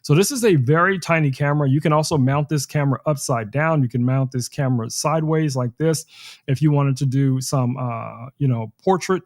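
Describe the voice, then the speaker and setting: A man hosting a casual live tech stream, demoing gadgets with an animated, joking manner and talking straight to his viewers. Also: medium pitch, a little fast. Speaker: tech livestream host.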